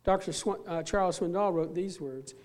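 Pastor preaching, earnest and emphatic, mid pitch, drags out key words, repeats bits. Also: normal speed, a little mellow. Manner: repeats and restarts phrases while preaching. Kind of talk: sermon.

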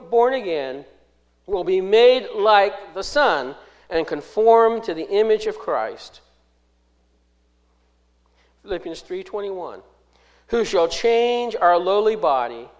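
A man with a high, tenor voice delivers a sermon. He is emphatic, swinging between loud declarations and soft asides. He slows down to stress key phrases as he reads verses and explains them. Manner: reads scripture aloud and explains it. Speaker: preacher.

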